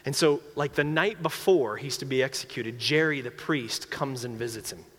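A man's voice: mid-range voice, normal speed, a bit bright. Man, pastor, sermon, storytelling, fervent emphasis, reverberant church.

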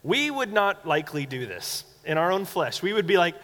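A young man preaches a sermon with a bright, forceful tone and a slightly high voice. He acts out quoted voices with big swings in pitch. His words ring out with a long reverb, as if recorded in a large hall. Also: very animated, normal speed. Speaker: pastor.

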